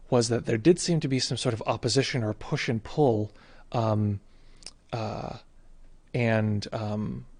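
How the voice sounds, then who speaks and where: A man, a meditation teacher, giving a halting, reflective account of a personal experience, with many fillers and restarts. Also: lowish voice, darkish tone, husky, no echo.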